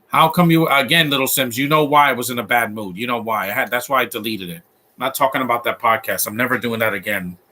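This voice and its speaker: Opinionated man with a bright voice. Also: mid-range voice, quick pace. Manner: opinionated, rambling, frequent restarts. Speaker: movie commentator. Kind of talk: live movie commentary.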